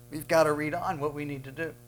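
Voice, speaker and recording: Emphatic preacher man, fairly high voice. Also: fairly even intonation, normal speed, faint music behind, poor audio. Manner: emphatic, bursts loud on commands; repeats words when starting thoughts. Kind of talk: sermon.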